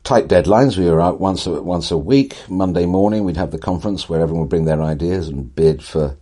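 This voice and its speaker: Here an older man with an extremely deep, husky voice is an interview guest, delivering animated conversational stories at a brisk clip in a warm tone. His sentences are theatrical, wry and eloquent, and he hunts for vivid phrasing while pacing himself through rhythm and emphasis.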